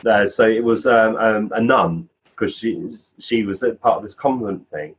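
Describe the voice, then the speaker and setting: A man's voice: on the low side, measured pace, husky, rough recording. A man, a physical medium, telling anecdotes casually as a podcast guest and acting out the voices in his stories. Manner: animated storyteller, acts out quoted voices.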